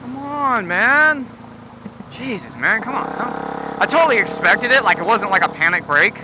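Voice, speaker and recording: A man's voice: sits high, very animated, moderate pace. A young man vlogging, ranting in a casual, rambling way full of fillers and swearing. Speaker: motorcycle vlogger. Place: outdoors on a street at night. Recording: noisy outdoor street with passing traffic.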